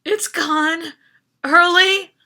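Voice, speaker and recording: A woman's voice: fairly high pitch, animated, slow pace, bright, forceful tone, heavily acted. A woman voicing an impatient, frantic teenage boy who talks in urgent exclamations.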